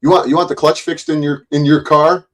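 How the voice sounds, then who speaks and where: His voice is on the high side and flat, a little fast, and the audio quality is poor. As a middle-aged YouTube commentator, he aims an angry, obscene tirade at the camera, baiting his targets, swearing heavily and stuttering on repeated words as he restarts.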